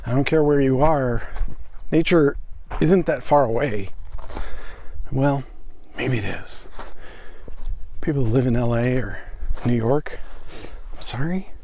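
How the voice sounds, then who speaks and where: A man's voice: medium pitch, slow pace, pauses often, dark tone, a little hiss or hum. A man vlogging while walking outdoors on a desert wash, talking in a loose, reflective way with lots of fillers. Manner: rambling, reflective, many fillers. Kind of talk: casual walking vlog.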